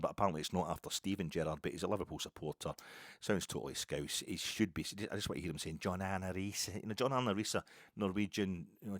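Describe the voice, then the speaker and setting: A man's voice: low-pitched, a bit bright, no echo, studio quality. A middle-aged man, hosting a solo podcast and rambling from one football story to the next. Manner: rambling, digressive football chat. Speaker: podcast host.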